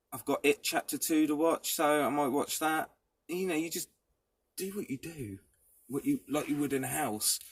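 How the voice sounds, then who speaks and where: Vlogger, adult man, husky, dry close sound, loose sweary ramble. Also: mid-range voice, no room sound. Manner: rambling, swears freely, laughs things off. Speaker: vlogger living in a van. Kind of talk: casual rambling chat to camera. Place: inside his parked van, door open, cold.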